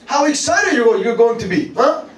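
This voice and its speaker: Animated preacher man in echoey hall. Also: very high-pitched, moderate pace. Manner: animated, laughing, repeats phrases, calls out to congregation. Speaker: pastor. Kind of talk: lively sermon. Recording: echoey room, mic at a distance, faint noise.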